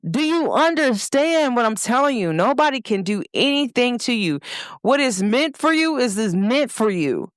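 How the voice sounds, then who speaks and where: A woman from Cincinnati hosting her own show, talking casually and warmly to viewers, repeating points and calling them "y'all". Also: a little high, moderate pace, dry recording, clean studio sound. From Cincinnati, Ohio. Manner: lively, repetitive, speaks directly to listeners with "y'all". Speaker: host. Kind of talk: casual motivational talk to viewers.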